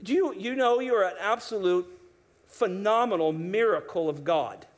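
Male pastor, higher-pitched voice, lively sermon delivery with restarts. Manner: animated preaching with quoted voices and restarts.

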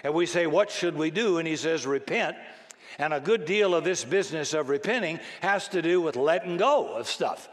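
A man's voice: fairly high pitch, expressive, moderate pace. An older man and grandfather preaching a conversational, self-deprecating sermon who acts out the voices in his stories. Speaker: pastor. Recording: long hall reverb.

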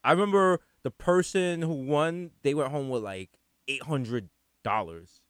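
A man's voice: a little high, a little slow, smooth, no room sound, studio quality. A man with a New York accent from the Bronx, telling a rambling funny story in casual chat, full of slang and swearing. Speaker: podcast co-host.

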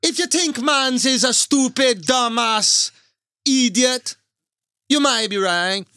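A man's voice: extremely high pitch, takes it slowly, sharp tone, clear, resonant tone, no room sound, clean studio sound. A man from New York co-hosting a podcast, joking and riffing in casual banter. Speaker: podcast co-host.

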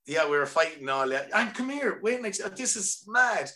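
A man with an Irish accent, a singer chatting as a podcast guest and telling stories with quick asides. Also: high-pitched, big pitch swings, bright, forceful tone. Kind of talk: casual chat.

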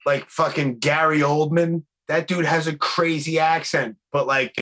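A man's voice: a little high, fairly even intonation, a little slow, pushed and bright. A man hosting a podcast on a video call from his bedroom, easygoing and swearing freely. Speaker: podcast host. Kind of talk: casual interview chat. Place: bedroom at home.

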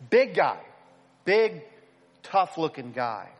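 Pastor from the United States, a man with a fairly high voice, spinning a funny anecdote from the pulpit, long hall echo. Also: slow pace. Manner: animated, self-deprecating storyteller. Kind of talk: storytelling sermon.

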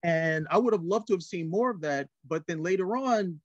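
A man co-hosting a casual film review show, talking in an animated, rambling way with lots of restarts. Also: sits high, normal speed, no room sound, muffled recording. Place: TV studio.

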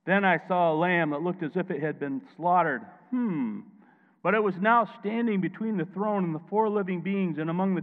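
A man preaching a sermon as pastor, emphatic, dropping quiet and then rising loud, and calling on listeners to answer back. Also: high-pitched. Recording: tinny phone-like sound, long hall echo.

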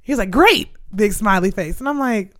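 Woman, casual storytelling, acts out voices, smooth clear voice, dry sound. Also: mid-range voice, a little fast, no room sound. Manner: animated, quotes people in voices. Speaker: podcast co-host.

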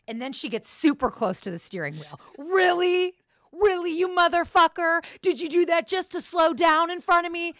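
A woman co-hosting a podcast in casual chat, telling stories with animated, teasing delivery and frequent swearing. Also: mid-range voice, no room sound, studio quality. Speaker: podcast co-host.

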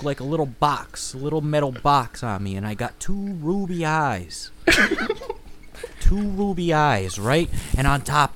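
A man's voice: a little high, a bit bright, a little hiss or hum, close to an everyday voice. A man voicing a clunky, waddling metal robot man who is boastful and self-important during a tabletop role-play.

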